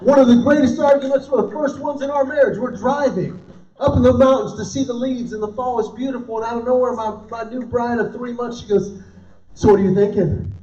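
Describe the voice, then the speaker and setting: A man's voice: extremely high pitch, brisk, a little hiss or hum. A middle-aged man performing live stand-up comedy at a dinner event, telling stories and acting out the voices in them. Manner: animated storytelling, acting out quoted voices. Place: dinner event in a large room. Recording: roomy, distant, dull live room sound.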